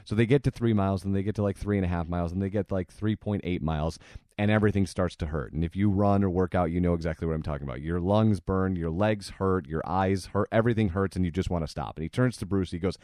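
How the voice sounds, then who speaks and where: A man with a low voice hosts a solo podcast, telling a story with easy fillers. The sound is dry and close, with no room around it. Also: fast, darkish tone, no echo. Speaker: podcast host. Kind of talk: casual solo podcast monologue.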